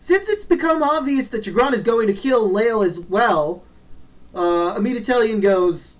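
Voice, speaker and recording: A man's voice: sits high, expressive, measured pace, far from the mic, poor audio. A man hosting a let's play, casually recapping a game's story in a rambling, jokey way and acting out the characters' lines.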